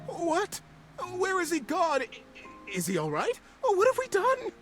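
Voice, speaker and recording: A man puts on a flustered chorus of beaver folk, his voice shooting far above his own into shrill alarm. They sound frightened and bewildered, storybook creatures, with faint music behind. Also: wildly swooping pitch, measured pace, a bit bright, full character voice.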